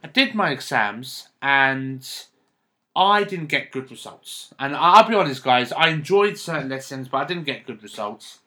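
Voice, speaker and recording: A man in casual chat, telling a personal story in a halting, emotional way. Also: medium pitch, lively intonation, sharp tone.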